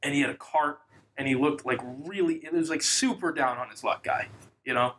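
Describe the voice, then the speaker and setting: Rambling, bright-voiced young man. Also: fairly high pitch, a little fast, slight background noise, low-quality recording. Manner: rambling storyteller, swears freely, laughs. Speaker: podcast co-host. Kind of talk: casual chat.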